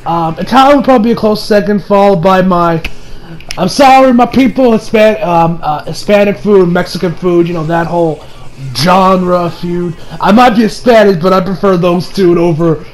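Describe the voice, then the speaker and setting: A young man casually recapping an anime episode, rambling and excitable, often breaking into laughter. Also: high voice, normal speed, poor audio. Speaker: anime reviewer.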